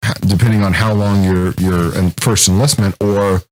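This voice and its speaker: A man in his thirties co-hosting a casual podcast chat, telling stories in a profane, animated way. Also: deep voice, normal speed, poor audio. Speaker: co-host.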